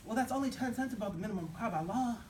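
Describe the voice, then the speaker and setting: An actor playing a curt, stingy store boss who talks in a brusque, dismissive way. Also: male voice, sits high, racing, roomy sound, far from the mic, slight background noise, pitched above the performer's own voice, close to an everyday voice.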